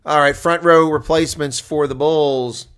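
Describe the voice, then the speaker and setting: A man giving live reaction commentary on a rugby match, chatting to viewers and getting loudly excited on big plays. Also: on the high side, normal speed, smooth. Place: home setup streaming a reaction broadcast.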